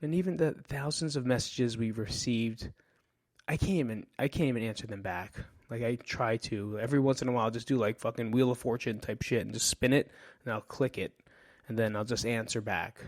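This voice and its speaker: A grieving man talks straight into the mic in a loose, unscripted monologue, dropping curse words and circling back on his sentences. His voice sits at an ordinary middle pitch. The sound is dry and close, with no room echo. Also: a little fast. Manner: casual and frank, swears often, trails off and restarts. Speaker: podcast host. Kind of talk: candid personal monologue.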